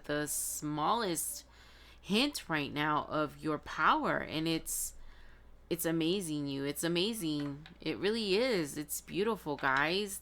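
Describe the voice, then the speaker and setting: A woman tarot reader gives her viewers an intuitive reading, chatty, emphatic, earnest and encouraging, and she often restarts her sentences. Her voice is deep with a sharp tone, and there's slight background noise.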